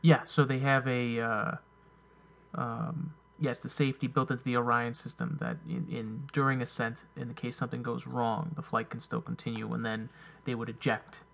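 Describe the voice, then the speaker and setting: A man co-hosting a casual chat, thoughtful, sometimes slowly reading items off a list. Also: mid-range voice, gravelly, a bit bright. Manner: thoughtful, reads lists slowly.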